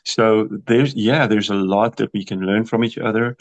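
On the radio, a worship producer in middle age talks at normal speed in a low-ish voice, his South African accent carrying a hint of American. He's emphatic and lively, working out his thoughts aloud and frequently starting phrases over.

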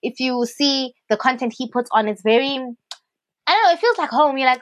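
A South African woman co-hosting a podcast, telling stories in a chatty, animated way with lots of fillers. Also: sits high, fairly quick. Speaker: podcast co-host. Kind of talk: casual chat.

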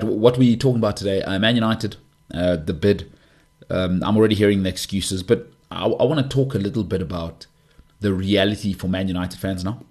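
A man's voice: deep voice, husky. A man, a podcast host rambling through a casual monologue full of jokey asides. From South Africa.

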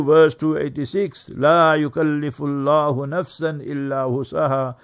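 Mufti type, man, slightly higher voice, emphatic and earnest, quick Arabic recitation. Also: highs cut off. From South Africa. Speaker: mufti and radio teacher. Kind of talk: religious talk on Quran verses. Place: radio studio.

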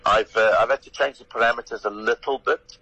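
Older South African male comic, radio guest: bright, husky, an animated raconteur. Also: mid-range voice, brisk, dry recording, rough recording. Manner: animated storyteller who acts out his own quotes. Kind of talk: phone-in radio interview.

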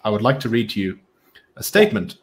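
A man's voice: on the low side, sing-song, fast. A man hosting a casual political chat, talking in a rambling, opinionated way with many restarts.

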